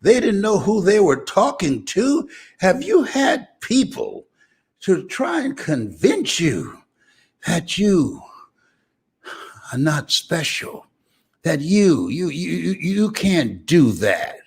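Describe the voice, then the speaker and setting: A man's voice: high-pitched, huge pitch swings, slow, vocal fry, a little mellow, husky. An older man giving a live motivational speech, emphatic and preacher-like, repeating phrases and breaking into hearty laughs. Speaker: motivational speaker.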